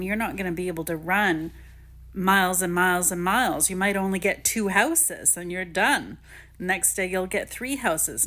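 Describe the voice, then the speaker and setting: Woman, spiritual teacher type, chatty and encouraging, lowish voice, talks straight to viewers. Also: a bit bright. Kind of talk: casual spiritual advice vlog.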